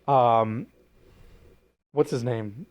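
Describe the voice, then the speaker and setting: A man's voice: mid-range voice, extremely slow. Rambling, joking young man on a podcast. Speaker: podcast co-host. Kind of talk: casual chat.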